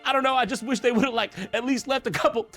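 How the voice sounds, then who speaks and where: A man's voice: very high voice, fairly even intonation, fast, a bit bright, faint music behind. A man giving comedic commentary over video clips, with incredulous, wry asides.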